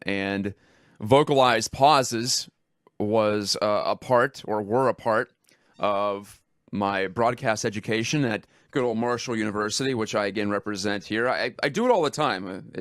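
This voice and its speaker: Man, radio talk host, lowish voice, dry studio sound, rambling, self-deprecating. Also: a bit bright, no echo. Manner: conversational and rambling, laughs at himself. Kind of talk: casual radio talk monologue.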